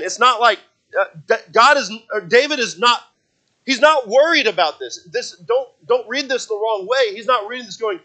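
A man delivers an expository sermon in a high, bright voice. He walks through the verses earnestly, often restarting his sentences. When he quotes scripture, his delivery swells into emphatic peaks. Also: moderate pace. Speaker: preacher.

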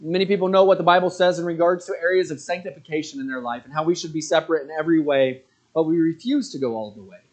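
Male pastor with a high voice, mid-sermon, animated and at times indignant. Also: quick pace. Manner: animated preaching, rising to indignant outbursts. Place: church sanctuary.

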